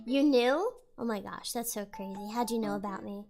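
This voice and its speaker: A young woman streamer chats casually with her viewers and reads their chat aloud, rambling and giggling through a stuffy nose. Her voice is medium in pitch and somewhat dark in tone, at a moderate pace, with soft music in the background.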